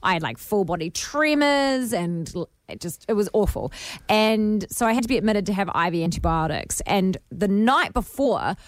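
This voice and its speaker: A young woman, co-hosting a radio show and telling a story in a lively, animated way. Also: mid-range voice, moderate pace, dry recording, clean studio sound. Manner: animated storytelling, acts out her own screams. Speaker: radio co-host. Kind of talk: casual radio chat.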